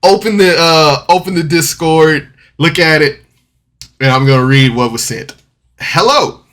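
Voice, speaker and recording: A man's voice: a little high, steady tone, normal speed, a bit bright. A man telling a personal story to camera in a rambling, candid way, with frequent restarts and rueful laughs. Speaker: vlogger.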